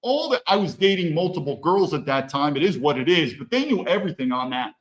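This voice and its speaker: Male podcast guest with a high, animated delivery and a blunt, profane edge. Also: brisk, poor audio. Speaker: podcast guest, former federal agent. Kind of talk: animated conversational storytelling.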